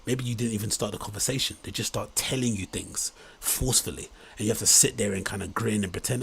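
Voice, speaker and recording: A man talks through a reaction commentary, rambling and incredulous. His voice has a husky edge, and his delivery swings into mock enthusiasm. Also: on the low side, quick pace, few pauses, fairly bright tone. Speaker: commentary host.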